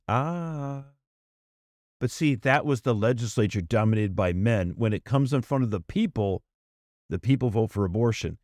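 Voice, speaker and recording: A man co-hosting a political talk podcast, speaking in an emphatic, animated way with frequent restarts. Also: mid-range voice, dry recording, studio quality. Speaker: podcast co-host. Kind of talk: casual political chat.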